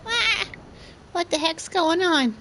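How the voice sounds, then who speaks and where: A woman streaming a game live, playful and jokey, reacting excitably as she plays. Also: very high-pitched, slow pace, slight background noise. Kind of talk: live game stream, reading dialogue aloud.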